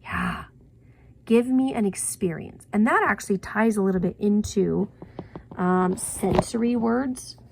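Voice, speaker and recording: A woman's voice: mid-range voice, a little slow, gravelly, darkish tone, a little hiss or hum. A woman teaching a writing class, chatty and self-correcting, sometimes dropping to a whisper for her examples.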